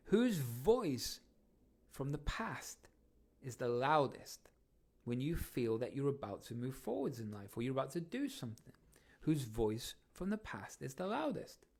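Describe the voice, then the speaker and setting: A man hosting a motivational podcast, coaching listeners with energetic questions. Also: a little high. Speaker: podcast host.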